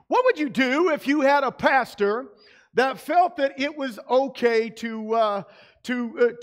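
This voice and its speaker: A man preaching a sermon as pastor in a church, conversational with frequent fillers. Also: extremely high pitch. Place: church sanctuary.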